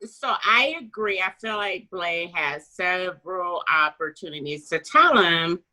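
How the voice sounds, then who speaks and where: A woman co-hosting a casual book club chat, animated and chatty, with quick asides and the odd swear. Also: on the low side, low-quality recording.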